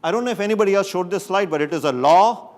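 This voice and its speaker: Animated male conference speaker. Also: high voice, rapid-fire. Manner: lively, joking, with sudden emphatic rises. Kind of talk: technical conference talk. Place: conference stage before an audience.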